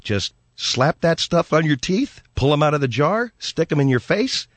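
A man's voice: fairly high pitch, sing-song, moderate pace, dry recording. A man voicing an aging actress with loose dentures who speaks with a lisp, in a comedy radio ad. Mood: flustered.

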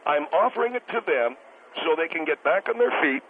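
A man voicing a bitter restaurant-owner caller in a comedic radio call-in bit, who talks in indignant, stammering rushes and repeats himself. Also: a little high, animated, lightly acted. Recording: noisy tinny phone line.

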